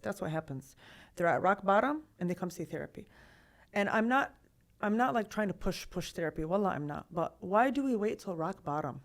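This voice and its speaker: A woman in her thirties, a trauma therapist, talking in a podcast conversation, animated and full of rhetorical questions. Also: medium pitch, fairly quick. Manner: animated, acts out quoted voices, asks many rhetorical questions.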